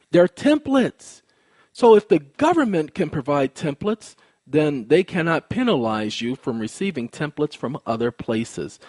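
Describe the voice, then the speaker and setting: A man's voice: mid-range voice, a little mellow, no room sound. A man hosting a legal advocacy video channel, talking casually and emphatically to his viewers, often repeating phrases. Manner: emphatic, preachy, repeats phrases in rising sing-song.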